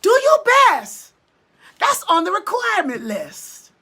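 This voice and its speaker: A woman's voice: very high-pitched, huge pitch swings, takes it slowly, fairly bright tone. A woman giving an emotional, preacher-like motivational talk, repeating herself for emphasis. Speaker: online motivational speaker.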